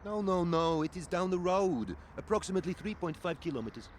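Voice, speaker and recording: An actor playing a brusque, scolding gate guard in an adventure game. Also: male voice, sits high, expressive, fairly quick, slight background noise. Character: stern, officious male gate guard.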